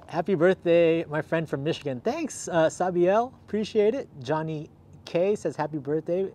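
A man's voice: fairly high pitch, a little slow, dark tone. A man hosting a casual livestream, upbeat and chatty, thanking viewers by name, a little out of breath. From Southern California. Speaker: livestream host. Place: outdoors in cold weather.

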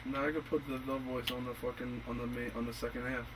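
A man, a band's vocalist, in casual profane studio banter, joking and breaking into shouts. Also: medium pitch, level tone, fast. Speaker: band vocalist. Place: recording studio. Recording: loud music and noise in studio.

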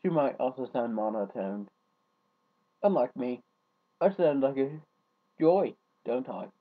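Slow, mumbling guy on a dull lo-fi recording. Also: mid-range voice, expressive. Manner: trails off into mumbles, then rants loudly. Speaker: vlogger. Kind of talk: casual rambling vlog.

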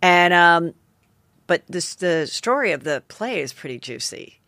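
A woman's voice: on the low side, animated, measured pace, sharp tone, no room sound, studio quality. A woman hosting a podcast, chatting about celebrity gossip in a rambling way with lots of fillers and self-corrections. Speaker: podcast host. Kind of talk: casual gossip chat.

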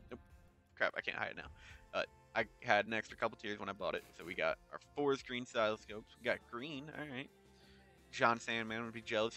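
A man giving casual commentary on his own gameplay. He thinks aloud in a chatty way and jumps into excited high yelps. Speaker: YouTuber.

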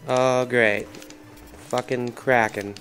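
A man's voice: mid-range voice, fairly even intonation, slow pace, fairly bright tone, soft background music. A man commenting on his own video game play, swearing heavily and ranting in frustration. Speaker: gaming commentator. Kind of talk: angry let's-play commentary.

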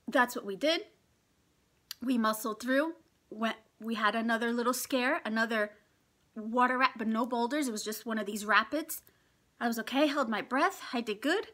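A middle-aged woman vlogger telling a story in casual chat, animated and laughing often as she acts out what people said. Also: a little high. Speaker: mukbang vlogger.

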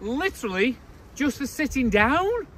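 A man's voice: big pitch swings, a little slow, fairly bright tone, slight background noise. A man giving blunt, opinionated dog-training advice to camera, outdoors. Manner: blunt, opinionated, mocks baby talk in a high voice.

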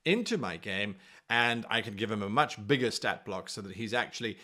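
A man giving tutorial advice on game mastering, explaining in a chatty, animated way. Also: fairly low pitch, normal speed. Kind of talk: tutorial talk to camera.

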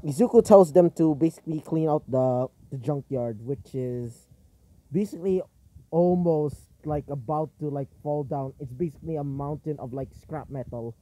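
A man's voice: fairly high pitch, normal speed, mellow. A man casually improvising a fan-fiction story, rambling with many ums and a bit of swearing.

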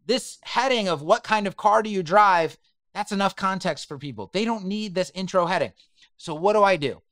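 A man's voice: high-pitched, lively intonation, normal speed, sharp tone, dry recording, studio quality. Chatty man teaching web design. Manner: chatty, emphatic, talks to viewers as guys. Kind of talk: screen-share software tutorial.

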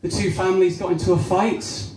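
A man's voice: sits high, little pitch movement, a little fast, a little mellow. A young man from Devon doing a stand-up comedy set at a small cafe-bar, chatting with the crowd and acting out voices. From Devon, England. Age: young adult. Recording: roomy venue with faint crowd noise.

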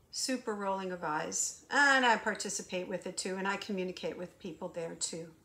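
A woman with a fairly high voice delivers spiritual guidance in an unhurried, deliberate way. She leans on rhetorical questions and stresses her words. Her delivery drops to hushed asides and then rises to insistent emphasis. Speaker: hypnotherapist and intuitive channeler.

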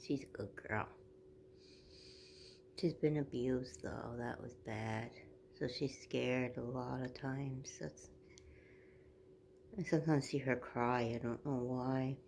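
A woman in her forties chatting casually on a home vlog, rambling between everyday news and soft baby talk to her dog. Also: rumbling low, steady tone, slow, gravelly, long pauses, slight background noise. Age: 40s. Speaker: vlogger.

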